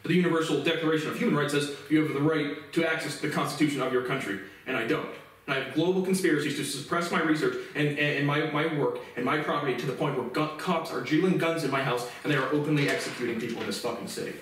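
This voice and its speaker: A man's voice: on the high side, fast talker, a bit bright. Male host, angry profane monologue, echoey room, distant mic. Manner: furious, profane, repetitive.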